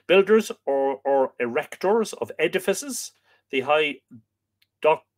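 A man's voice: on the high side, expressive, slow. Sleepy Irish man reading aloud. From Ireland. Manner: jokey, greets viewers between passages, stumbles over hard names. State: sleepy, yawning. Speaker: livestream host reading aloud. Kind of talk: reading an old history book aloud and chatting with viewers.

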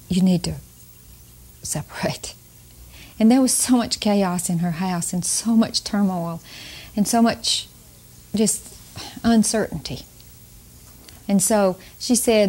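An older woman teaching about parenting, telling family stories to an audience in a slow, emphatic way with chuckles. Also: mid-range voice. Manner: warm storytelling, slow emphatic delivery with chuckles. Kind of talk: storytelling talk to an audience.

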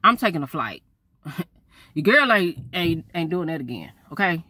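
A woman, telling a story to her viewers in a chatty, animated way. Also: on the low side, a little slow, breathy edge, dry recording. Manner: lively, chatty, talks straight to viewers.

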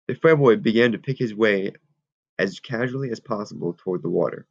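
A man reading a novel aloud in a steady, measured way. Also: lowish voice, vocal fry, no room sound. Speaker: audiobook reader. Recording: dull lo-fi recording.

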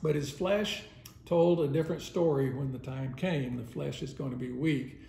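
A man's voice: on the high side, moderate pace, gravelly, mellow, slight background noise. A man teaching a Sunday school lesson in a casual, conversational way, often chuckling as he retells the story. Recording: roomy echo.

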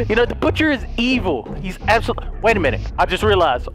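A young man giving comedic let's play commentary, frantic and pleading, shouting and laughing as he plays. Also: high voice, big pitch swings, fast talker, music in the background. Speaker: gaming video host.

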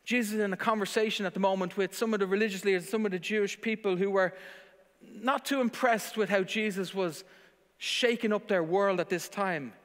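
A man's voice: high voice, steady tone, brisk, a bit bright. A man preaching a sermon as pastor, earnest and emphatic, posing rhetorical questions. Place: church service, streamed online. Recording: long church-hall reverb.

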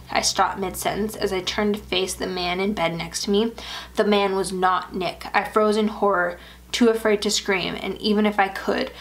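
Woman reading a horror story. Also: mid-range voice. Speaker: story narrator.

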